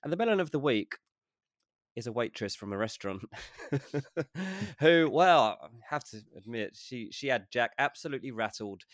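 A man's voice: mid-range voice, lively intonation, moderate pace, dry recording, studio quality. A man co-hosting a casual podcast, presenting a segment in an upbeat, teasing way. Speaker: podcast co-host. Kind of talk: casual chat.

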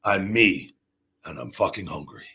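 Man, husky gravelly voice, show host, pro wrestler, profane, brash, unscripted. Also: low-pitched, a little slow, bright, forceful tone. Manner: profane, brash, swears constantly; acts out wrestling moves with rising energy. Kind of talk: unscripted solo talk.

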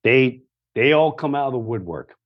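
A man's voice: medium pitch, moderate pace, muffled recording. A middle-aged man, a guest comedian, telling stories in casual chat, swearing and acting out voices of the people in them. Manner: animated, swears, acts out quoted voices.

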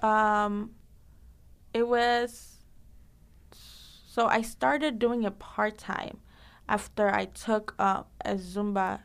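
A woman fitness instructor answering interview questions in a lively, casual way, laughing often and using lots of fillers. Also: mid-range voice, very slow, vocal fry, pauses often, clean tone.

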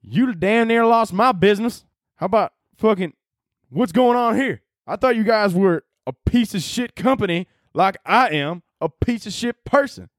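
A man voicing an angry hillbilly internet commenter in a mocking Southern accent, ranting in a shrill drawl. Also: expressive, normal speed, no room sound, studio quality. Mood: indignant.

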